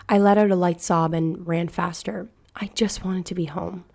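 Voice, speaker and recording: A woman narrating a scary internet story in a hushed, slow, measured way. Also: lowish voice. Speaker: narrator reading a horror story. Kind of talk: scripted horror narration.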